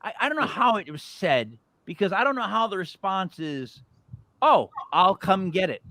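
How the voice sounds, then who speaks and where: This high-voiced man co-hosts a podcast, swapping casual banter and telling stories. He talks at a moderate pace on a dry recording, animated throughout and acting out quotes.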